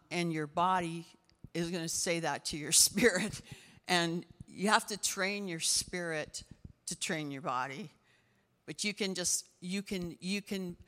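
A woman's voice: fairly low pitch, fairly bright tone, big-room sound. A woman pastor preaching a sermon, telling stories enthusiastically with casual fillers. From Canada. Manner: enthusiastic, storytelling, fillers like "you know".

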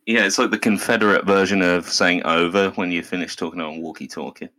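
A man's voice: deep voice, fairly even intonation, a little fast, bright, forceful tone. A man hosting a podcast, talking in casual chat and teasing his guests with jokes. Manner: joking, teasing banter.

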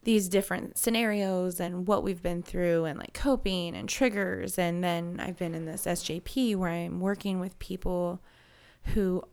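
A woman's voice: fairly low pitch, steady tone, measured pace, creaky, darkish tone, smooth. A woman in her thirties talking openly and emotionally in a personal conversation, rambling and restarting as she works through her feelings.

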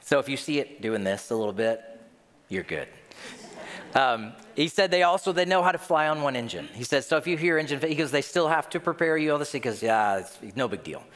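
A man preaching a sermon as pastor, telling stories in an animated way and acting out quoted voices. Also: fairly high pitch, a little fast, in a large hall.

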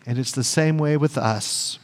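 A man's voice: mid-range voice, measured pace. A male pastor preaching a sermon, earnest and emphatic, repeating phrases for weight. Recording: long church reverb.

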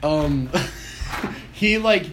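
A young man co-hosting a casual podcast chat, jokey and animated, sometimes trailing off into a mumble. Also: on the high side, drawn-out words, noisy background. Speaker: podcast co-host.

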